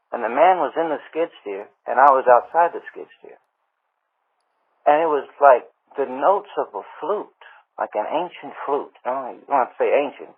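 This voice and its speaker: A man leaving a long voicemail for a radio show, telling a rambling story with drawn-out pauses and often calling the host sir. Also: mid-range voice, breathy edge. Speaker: voicemail caller. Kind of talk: rambling anecdote. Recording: tinny phone-line voicemail.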